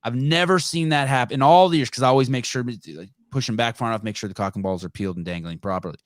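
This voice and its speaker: A man's voice: medium pitch, quick pace, dry recording. A middle-aged man hosting a podcast, telling stories in a profane, rambling casual chat. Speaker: podcast host.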